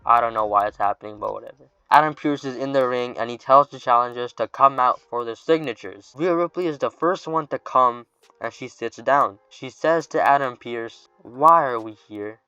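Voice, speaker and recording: Offhand man narrating, bright crisp voice. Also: medium pitch, no echo, faint music behind. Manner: offhand, with quick asides. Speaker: fantasy booking narrator. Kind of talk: casual scripted narration. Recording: dull lo-fi dry recording.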